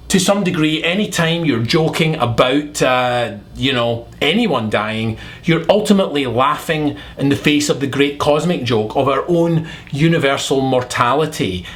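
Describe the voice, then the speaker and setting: A man voicing an earnest, forgiving undead male pop star in a gentle, overly sincere way. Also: fairly high pitch, close to an everyday voice.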